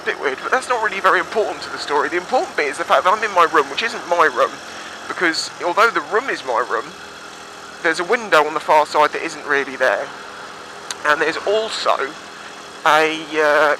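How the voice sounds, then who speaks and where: A young man casually rambling through stories on his motorbike, chatty and sweary, recorded on a helmet mic outdoors. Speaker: motovlogger. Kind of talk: casual storytelling on a bike. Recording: engine rumble behind.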